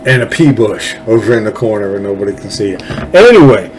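A man's voice: lowish voice, expressive, brisk, a little hiss or hum, rough recording. A man hosting a political podcast, rambling and sarcastic, with many fillers and restarts.

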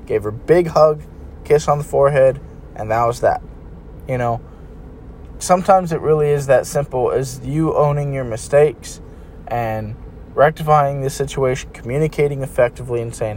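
A man's voice: mid-range voice, normal speed, darkish tone, slight background noise. A man giving relationship advice in a casual, blunt way, talking to his listeners like buddies. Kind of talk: casual advice talk to camera.

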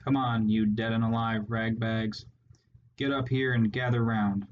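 A man's voice: fairly low pitch, flat delivery, a little slow, narrow, tinny audio, natural voice. A man voicing a snarling rat warlord. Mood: snarling, commanding. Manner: snarling, contemptuous, commanding. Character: harsh scarred male rat warlord.

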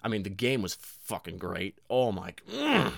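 Lively, rambling, profane male podcast host. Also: lowish voice, measured pace, creaky, no room sound, clean studio sound. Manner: rambling, profane, self-mocking; energetic. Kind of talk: casual solo monologue.

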